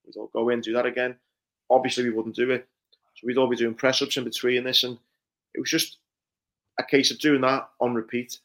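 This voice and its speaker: Flat-voiced man recounting Marine training. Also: medium pitch, brisk, long pauses. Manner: earnest, reflective, many fillers like "you know". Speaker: guest, former Royal Marine. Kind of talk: conversational interview storytelling.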